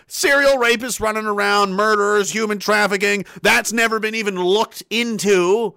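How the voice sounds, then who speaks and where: A man's voice: sits high, steady tone, normal speed, creaky, pushed and bright, smooth, no echo. A man ranting angrily on a livestream, sarcastic and indignant, swearing freely and answering his chat. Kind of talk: angry livestream rant.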